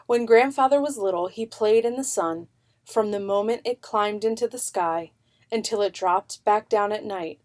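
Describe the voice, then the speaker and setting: A woman narrating a children's picture book in an unhurried, expressive way. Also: mid-range voice.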